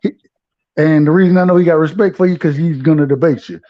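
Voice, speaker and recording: A regular guest on a live stream gives advice in loose slang, restarting often. He talks fast at a fairly high pitch, and the audio is dull and lo-fi.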